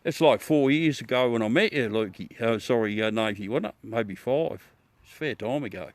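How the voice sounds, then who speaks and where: Chatting casually with viewers on his livestream, a middle-aged Australian host laughs, jokes and swears as he goes. He speaks at a moderate pace in a mid-range voice, with no echo in the sound.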